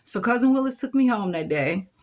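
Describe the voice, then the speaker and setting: A woman's voice: fairly high pitch, animated, a little fast, a little mellow. A middle-aged woman, telling a personal story to camera in an emotional, reflective way, with sighs and restarts. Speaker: vlogger telling her life story. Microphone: camera mic.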